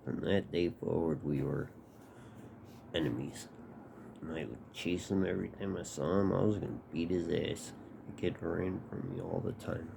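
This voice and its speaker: Guy telling a story, deep gravelly voice, kinda slow, noisy hiss behind. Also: fairly even intonation. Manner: casual, swearing, acts out quotes. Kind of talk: personal storytelling.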